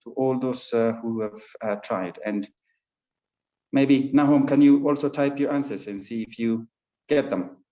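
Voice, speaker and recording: A man's voice: medium pitch, a little slow, warm tone. A man teaching an English class online, patiently explaining with many fillers and restarts. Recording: dull lo-fi sound in an echoey room.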